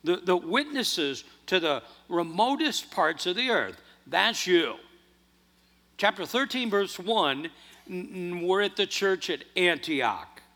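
Male pastor, sermon, high bright voice, animated delivery, reverberant church hall. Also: takes it slowly. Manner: animated, earnest preaching with restarts.

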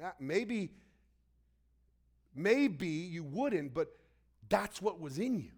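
High-voiced man preaching a conversational sermon. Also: big pitch swings, slow, pauses often, darkish tone. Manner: storytelling, conversational, acts out quotes. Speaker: pastor. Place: church hall.

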